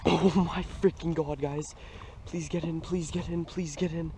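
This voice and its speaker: A young man narrates a fishing trip from a kayak on open water, picked up by a camera fixed to the boat. His voice sits a little high and he talks in a slow, drawn-out way. He is excitable, with hushed murmurs that break into loud outbursts. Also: slight background noise. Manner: excitable, exclaiming, swings between hushed murmurs and shouts. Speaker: fishing vlogger. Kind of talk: excited outdoor vlog commentary.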